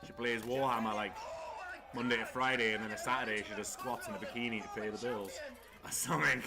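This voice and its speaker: A man's voice: medium pitch, fairly even intonation, fairly quick. A man hosting a casual watchalong stream, rambling and swearing freely. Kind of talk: casual chat. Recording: wrestling crowd noise behind.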